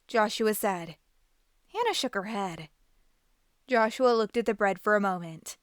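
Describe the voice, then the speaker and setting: A woman hosting a reading show, reading a children's book aloud in an expressive, animated way. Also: mid-range voice, normal speed, clear, resonant tone, no echo, studio quality. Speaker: host and storybook reader.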